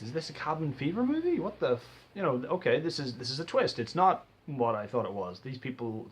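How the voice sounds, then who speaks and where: Speaking in a fairly high voice, a young male vlogger excitedly rambles through a casual reaction to a movie trailer. He swears freely and keeps restarting his sentences.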